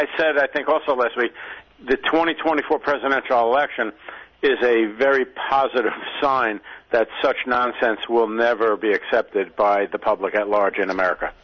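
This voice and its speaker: A man co-hosting a political talk radio show, measured and deliberate, stressing key words. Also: medium pitch. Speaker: radio co-host, commentator. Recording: dull lo-fi radio sound.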